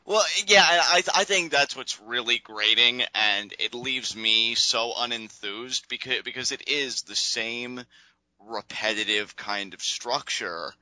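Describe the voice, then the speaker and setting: A man's voice: mid-range voice, a little slow, pushed and bright, no room sound, low-quality recording. A man co-hosting a casual wrestling review podcast, talking in a hesitant, rambling way. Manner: hesitant, rambling, many fillers and restarts. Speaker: podcast co-host.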